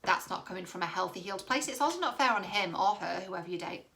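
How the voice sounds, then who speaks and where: Gravelly-voiced woman coaching on dating. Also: mid-range voice, lively intonation, fast talker, sharp tone. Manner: candid, reassuring, swears casually. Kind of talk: direct-to-camera advice vlog.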